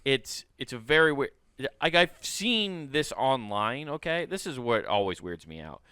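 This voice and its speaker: A man's voice: mid-range voice, very animated, a little slow, pushed and bright, clear, resonant tone, dry recording. A man co-hosting a comedy podcast, rambling through casual banter and laughing often at his own jokes. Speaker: podcast co-host.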